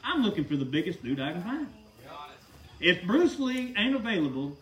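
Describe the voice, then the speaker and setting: A man's voice: sits high, very animated, moderate pace, roomy sound, far from the mic. A man preaching a sermon in an emphatic, folksy way, often asking the listeners rhetorical questions.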